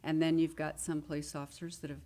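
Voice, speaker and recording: A woman with a notably low voice speaks as a talk show guest and retired police officer. She answers in a measured way and pauses to find her words. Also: flat delivery, dark tone, no room sound. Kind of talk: interview answers.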